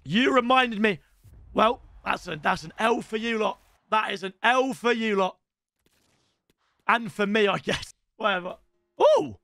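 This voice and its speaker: High-pitched British streamer shouting at his game. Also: measured pace, vocal fry, no echo. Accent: British English. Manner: excitable, swears, shouts at the game, addresses viewers as lads. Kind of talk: live gaming commentary.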